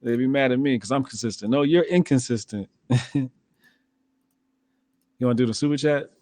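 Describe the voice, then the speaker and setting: A man's voice: mid-range voice, moderate pace, darkish tone, no echo. A man hosting a casual podcast, talking bluntly and profanely and laughing often. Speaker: podcast host.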